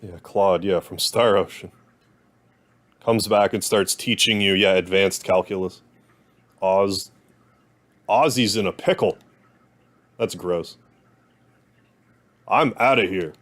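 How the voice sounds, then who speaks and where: A man's voice: low-pitched, takes it slowly, long pauses, a bit bright. A man streaming a video game, joking and rambling through casual commentary. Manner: joking, self-deprecating asides.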